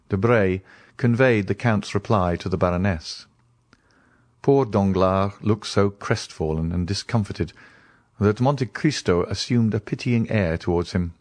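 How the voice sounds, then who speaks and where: Reading a classic novel aloud, this audiobook narrator has a fairly low-pitched voice and a measured, expressive delivery. The recording is dry.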